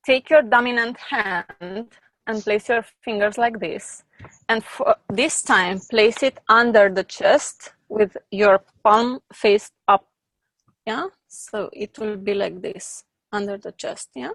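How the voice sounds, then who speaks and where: A woman coaching a client through feelings and then guiding a slow healing exercise, repeating short phrases calmly. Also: medium pitch, no room sound, poor audio. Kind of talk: guided coaching session.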